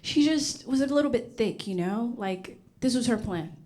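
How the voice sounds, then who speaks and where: A woman's voice: on the high side, lively intonation, moderate pace, dark tone. A young woman from Uganda performing a stand-up comedy set on stage before a live audience, with a brash, punchy delivery. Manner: brash, punchy delivery with laughs between jokes.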